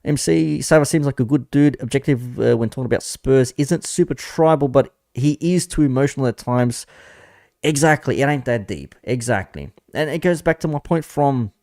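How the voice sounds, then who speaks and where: A man's voice: medium pitch, animated, moderate pace, creaky, darkish tone, no echo, clean studio sound. A man talking casually on a live stream, rambling about online chat moderation and swearing freely. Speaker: commentary streamer.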